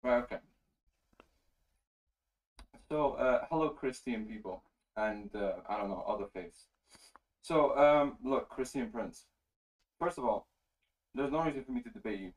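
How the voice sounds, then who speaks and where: A man's voice: mid-range voice, moderate pace, far from the mic, rough recording. A young man calling into an online debate, casual and slangy, pressing his point insistently. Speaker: caller joining a debate. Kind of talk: online voice chat.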